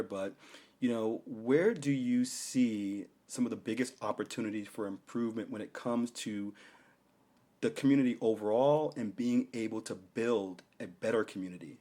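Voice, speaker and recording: Low-voiced man hosting a casual podcast. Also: dark tone. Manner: affirming, long winding questions. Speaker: podcast host. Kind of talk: casual interview conversation.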